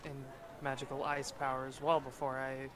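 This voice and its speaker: A man's voice: mid-range voice, monotone, normal speed, noisy background. A man bantering and joking with the host on a casual game stream.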